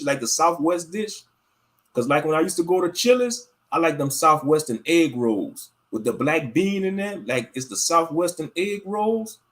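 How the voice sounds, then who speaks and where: Laid-back man, rambling talk. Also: a little high. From Louisiana, US South. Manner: relaxed, drawling, repeats phrases, laughs often. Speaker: commentator. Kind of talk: casual rambling monologue.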